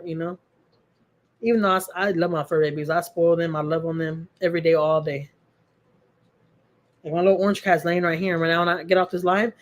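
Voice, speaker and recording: A middle-aged woman, hosting a casual livestream from home, chatting with viewers in a heartfelt way and repeating phrases for emphasis. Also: lowish voice. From Texas. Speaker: livestream host. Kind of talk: casual livestream chat answering viewer comments.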